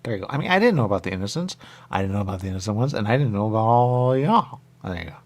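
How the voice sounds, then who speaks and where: A male radio host rambles casually through a game, half talking to himself. His voice has a gravelly fry, and his pitch jumps up and down as he reacts. He keeps a loose, chatty delivery. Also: animated, rapid-fire.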